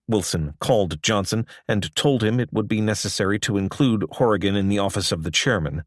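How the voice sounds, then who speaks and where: A man in a measured, even scripted audiobook narration. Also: on the low side, no room sound, studio quality.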